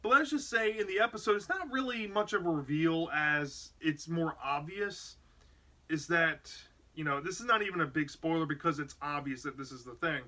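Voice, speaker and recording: Man reviewing a show, chatty recap, fairly high and bright voice. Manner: chatty, relaxed retelling with fillers and laughs. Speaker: episode reviewer. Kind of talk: casual spoken episode recap.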